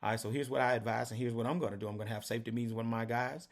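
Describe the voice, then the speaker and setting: A man's voice: medium pitch, steady tone, very fast. A man talks through his trucking business costs in a casual vlog. His manner is folksy and direct, and he keeps checking in with his viewers. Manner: folksy, repeats "right?" and "did you get that?".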